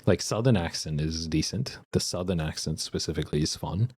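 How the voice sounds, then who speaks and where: Answering viewer messages in a loose, rambling way, this young Australian livestreamer laughs as he reads the chat. His low-pitched voice is a little mellow and fairly quick, and there's a little hiss or hum.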